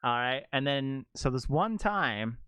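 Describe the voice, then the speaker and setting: Rambling young male streamer, smooth voice. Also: medium pitch, measured pace, no echo. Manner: rambling, animated, heavy use of "like". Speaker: game streamer. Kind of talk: casual storytelling chat to stream viewers.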